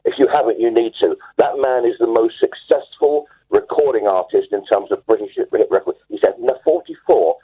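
A man's voice: lowish voice, a little fast, few pauses. A man calling into a radio show, enthusiastically telling a long rambling story. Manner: enthusiastic, rambling, self-assured. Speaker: caller. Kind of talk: phone-in storytelling. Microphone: telephone. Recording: tinny husky phone line.

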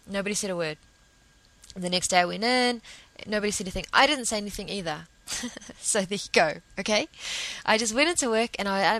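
A woman's voice: medium pitch, fairly bright tone, poor audio. Chatty woman telling a rambling story. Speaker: podcast host. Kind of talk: casual monologue.

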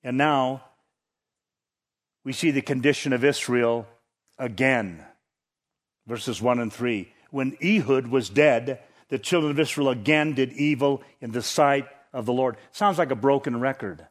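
A man's voice: mid-range voice, unhurried. A man preaching a sermon as a pastor, teaching through scripture in a conversational way that lifts for emphasis. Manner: conversational Bible teaching, rising emphasis on key points.

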